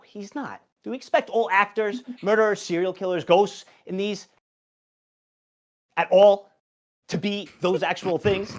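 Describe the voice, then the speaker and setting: A speaker gives an earnest, speechy closing argument as the defense in a joking stream courtroom. The voice sits in a middle pitch. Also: animated, normal speed. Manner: earnest speechifying, grows heated. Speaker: defense lawyer in a mock court. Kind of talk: comedic role-play stream.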